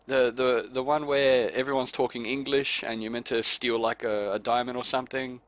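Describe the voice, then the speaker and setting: A man's voice: medium pitch, level tone, normal speed, fairly bright tone. A man hosting a casual gaming podcast, swearing freely and acting out his friends' reactions as he tells a story. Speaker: podcast host. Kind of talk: casual chat.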